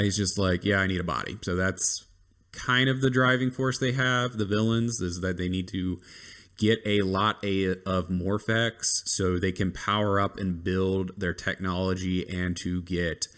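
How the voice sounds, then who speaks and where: Guy with a deep low voice ranting casually about a show, rambly, lots of ums. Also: fairly bright tone. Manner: rambling, lots of ums and likes, dry complaints. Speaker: reviewer. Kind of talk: casual review rant.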